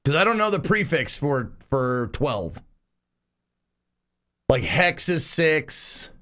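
A man's voice: a little high, sing-song, slow, fairly bright tone. A man casually chatting on a live stream, reading out viewer messages, swearing and laughing often. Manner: profane, laughing, reads chat aloud. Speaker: game streamer.

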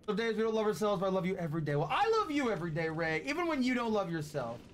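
A man's voice: sits high, sing-song, very fast. A young man streaming a game, teary and grateful, swearing often while chatting with his viewers. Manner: tearful, grateful, swears a lot. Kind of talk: emotional live-stream chat. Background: game music.

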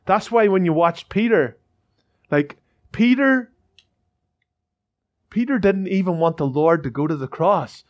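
Fervent man preaching in a church, high-pitched, muffled lo-fi sound. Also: lively intonation, measured pace, long pauses. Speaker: pastor. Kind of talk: sermon.

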